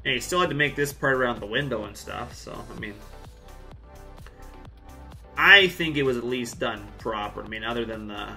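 A man's voice: medium pitch, moderate pace, creaky, pauses often, bright, forceful tone, soft background music. A man from Central Alberta chatting casually on a live game stream, answering chat with jokey asides. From Central Alberta, Canada. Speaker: game livestreamer.

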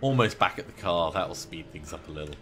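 A man's voice: sits low, lively intonation, brisk, a bit bright, faint music behind. A man casually commenting while playing a video game, with wry joking asides. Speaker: let's play host.

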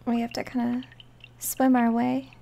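A woman giving gentle, hushed gameplay commentary, often slipping into a whisper. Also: on the high side, monotone, unhurried, vocal fry, a little hiss or hum. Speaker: gamer. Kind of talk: soft-spoken gameplay commentary.

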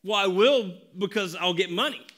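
A man's voice: high voice, normal speed, a bit bright. A man voicing his stubborn ten-year-old son who wants money, in a whiny, insistent way inside a sermon story. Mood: whining.

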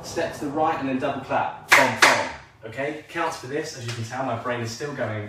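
A man's voice: mid-range voice, moderate pace, bright, forceful tone, far from the mic. Upbeat man calling line dance counts. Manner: upbeat, calls counts rhythmically, jokes about himself. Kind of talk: live online dance lesson. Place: at home, moving while teaching. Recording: very echoey room, voice off-mic, faint noise.

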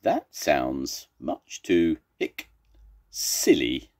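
A man's voice: lowish voice, wildly swooping pitch, slow, vocal fry, breathy edge, voice pushed up, heavily acted. An older man voicing a proud, fretful young male zebra who keeps hiccuping mid-sentence, in a children's storybook reading. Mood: fussy.

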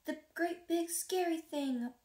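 A woman doing a small excitable lion cub. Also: extremely high pitch, slow pace, roomy sound, voice pushed up. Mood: eager. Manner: eager, pleading.

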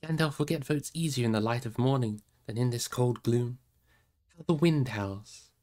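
Man reading as a hesitant young hobbit, careful, thoughtful, slightly higher, slow. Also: a little mellow, natural voice. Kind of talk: audiobook reading.

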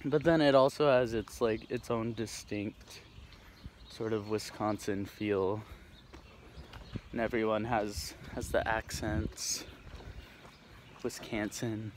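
Slow and fairly even in intonation, the young man's low-pitched voice carries a casual, rambling vlog filled with fillers and restarts. He's from Tacoma, Washington, in the Pacific Northwest, and strolls through a neighborhood while faint outdoor noise hums in the background.

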